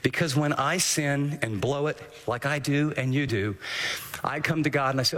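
High voiced pastor guy preaching, acts out what ppl think, echoey hall sound. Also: normal speed. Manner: animated, acts out quoted inner voices. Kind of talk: sermon. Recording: long hall reverb.

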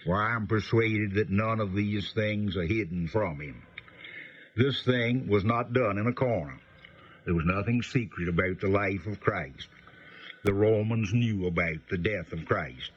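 Male Bible teacher, low husky voice, folksy and unhurried, dull lo-fi radio sound. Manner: folksy, unhurried, frequent filler pauses.

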